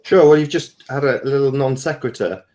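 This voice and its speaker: A man on a group call, replying in a calm, precise, articulate way. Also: medium pitch, fairly quick. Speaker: participant in online group call. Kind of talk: calm rebuttal.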